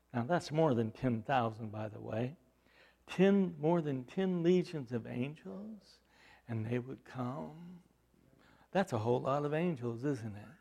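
A man preaching a sermon, asking the congregation rhetorical questions and swinging from loud emphasis to hushed, low delivery. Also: lively intonation, a little slow, gravelly, lo-fi sound. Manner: repeats words and restarts, rhetorical questions. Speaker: pastor.

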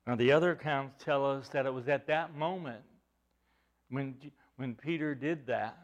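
A man preaching a sermon, expressive, swelling loud at times and dropping soft at others. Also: mid-range voice, normal speed, dull audio. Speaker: pastor.

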